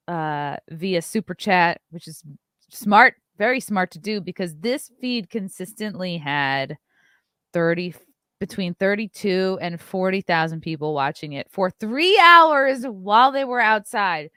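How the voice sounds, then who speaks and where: Woman host, lowish voice, casual chatty commentary, swears a bit, dry close sound. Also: a bit bright, clean tone, dry recording. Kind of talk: casual commentary while playing clips.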